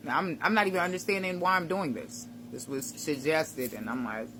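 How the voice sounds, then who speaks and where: A woman with a fairly low-pitched voice talking through a casual motivational video. She speaks in a conversational, reflective way, with relaxed slang and easy laughter. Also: normal speed, noisy background. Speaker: self-help vlogger.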